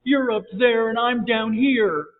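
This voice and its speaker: A man voicing a frightened little girl stuck in a cave, with a high pleading voice. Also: expressive, measured pace, long reverb tail. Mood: tearful. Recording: tinny phone-like audio, faint hiss.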